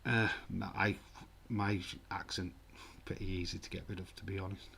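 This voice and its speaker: A man's voice: low-pitched, little pitch movement, moderate pace, sharp tone, slightly rough. A man streaming a live football watch-along, chatting casually and rambling with frequent restarts. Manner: rambling, self-correcting, chatty.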